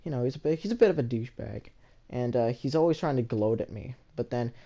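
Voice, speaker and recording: Speaking fast and often in a soft, low-key voice, a man casually recounts a story from his school days, rambling and restarting many times.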